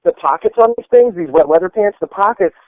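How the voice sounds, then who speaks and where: A man's voice: high voice, expressive, fairly quick, no room sound. Veteran guy telling stories, lots of "like" and "you know", tinny dry audio. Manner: rambling, full of "like" and "you know". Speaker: army veteran interviewee. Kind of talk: casual storytelling. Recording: tinny phone-like dry sound.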